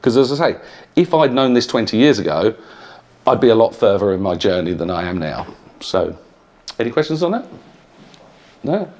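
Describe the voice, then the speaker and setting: A man's voice: on the low side, expressive, brisk, a little mellow. A middle-aged British man, an entrepreneur talking to university students in a plain, conversational way with frequent "yeah?" check-ins. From United Kingdom. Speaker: entrepreneur giving a talk. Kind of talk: lecture to students. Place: university lecture room.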